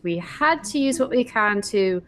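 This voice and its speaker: Woman playing a calm, measured female companion. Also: fairly high pitch.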